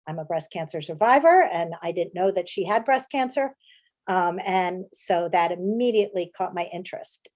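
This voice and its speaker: A woman's voice: lowish voice, darkish tone. Chatty American woman presenting her work. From United States. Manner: chatty with frequent fillers and restarts. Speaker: playwright and director giving a talk. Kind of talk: conversational presentation.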